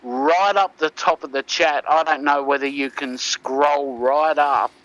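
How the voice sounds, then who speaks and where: Calling in as co-host over an internet connection, an Australian man chats casually, full of profanity, fillers, and meandering tangents. His voice is on the high side, steady, a little slow, and a bit bright, in a rough recording with no echo.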